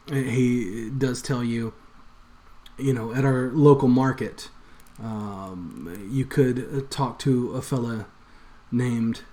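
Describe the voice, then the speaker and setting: A man's voice: medium pitch, a little mellow. A man narrating as game master of a tabletop game, rambling with lots of fillers. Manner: rambling, many fillers and hedges.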